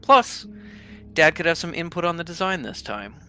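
A man voicing a boastful male mirror-image double of a player's character in a tabletop game, talking loud and brash. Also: fairly high pitch, animated, normal speed, faint music behind, voice pushed up.

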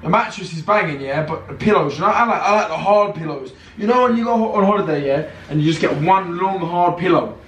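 Excitable guy in his twenties, casual vlog talk, slang-heavy, slightly high-pitched, faint hiss. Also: fairly quick, few pauses. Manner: swearing, slangy and animated. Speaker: vlogger.

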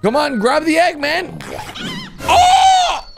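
Excitable man with a wildly swinging pitch. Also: moderate pace. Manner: excitable, exclamatory, talks to viewers as "bro" and "guys". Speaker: reaction video host. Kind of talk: reacting to animated clips. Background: music.

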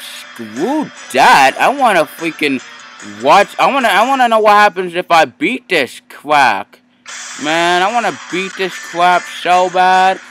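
Male gamer, ranting and frustrated, bright and forceful, faint game music behind. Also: sits high, animated, slow pace, rough recording. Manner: frustrated, ranting, exaggerated complaints. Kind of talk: casual gameplay commentary.

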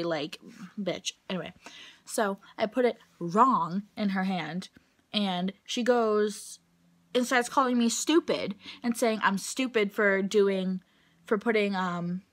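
A woman's voice: mid-range voice, a bit bright. A young adult woman talking straight to camera in a casual vlog, venting bluntly and swearing freely about her day. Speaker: vlogger.

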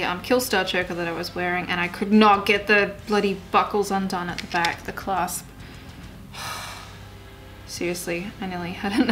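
A woman's voice: mid-range voice, a bit bright. A woman chatting casually and mocking herself as she does her makeup in a get-ready-with-me vlog. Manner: chatty, self-mocking, swears when frustrated. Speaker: beauty vlogger.

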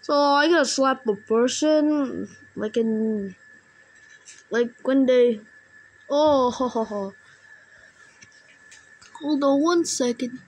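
Excitable high-voiced woman gaming. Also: slow, long pauses. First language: Indonesian. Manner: excitable, yelling taunts at other players. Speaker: gamer. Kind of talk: casual gameplay commentary.

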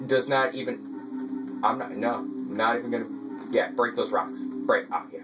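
A man giving casual gameplay commentary as a let's play gamer, excitable and quick to mock his own frustration. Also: medium pitch. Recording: distant mic with game music behind.

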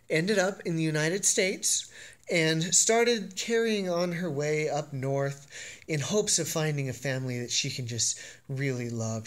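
A man talking casually and playfully in a home vlog about his pet dog. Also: on the high side. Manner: playful, excitable. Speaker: dog owner and vlogger.

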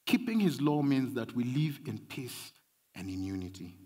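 A man's voice: mid-range voice, big pitch swings, normal speed, warm tone, husky. A man preaching a sermon, emphatic and repetitive, his intensity rising and falling. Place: large church hall. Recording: long hall reverb.

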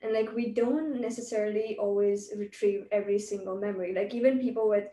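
A woman's voice: mid-range voice, fairly even intonation, fairly quick, mellow, a little hiss or hum. A woman hosting a podcast, talking in a thoughtful, musing, academic way. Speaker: podcast host. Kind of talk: casual chat. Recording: echoey, distant from the mic.

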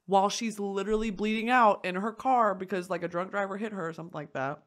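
A woman hosting a podcast, chatting casually in an animated way, swearing often and laughing through a story. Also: on the low side. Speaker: podcast host. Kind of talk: casual chat.

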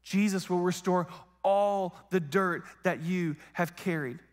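A young male preacher delivers a sermon from a church stage. His voice sits a little high, and he tells the story in an easy, chatty way, slipping into the voices of the people in it. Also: unhurried, long reverb tail. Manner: conversational storytelling, acts out quoted voices. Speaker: guest preacher. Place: church sanctuary.

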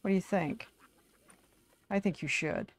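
Chatty woman narrating her game, lowish voice. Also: measured pace, no room sound. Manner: chatty, talks to her game characters like a fussing parent. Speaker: gaming video creator. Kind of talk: casual gameplay commentary.

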